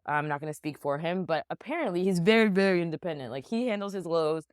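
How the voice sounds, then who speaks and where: A woman's voice: on the low side, animated, fast talker, smooth, no echo, clean studio sound. A woman co-hosting a podcast, talking in a sassy, blunt, joking way. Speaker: podcast co-host. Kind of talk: casual podcast conversation.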